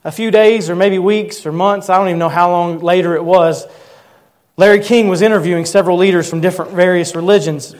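A male pastor in his thirties with a somewhat high-pitched voice, preaching. He tells a personal story in an earnest way and slows down to stress important words. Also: fairly even intonation, a little mellow. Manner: earnest storytelling, slowing for emphasis. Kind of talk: sermon.

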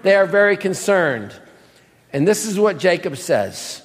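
A man's voice: high voice, lively intonation, normal speed, a bit bright, long reverb tail. A pastor preaching a sermon, emphatic, reading scripture and putting pointed questions to his congregation. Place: church sanctuary.

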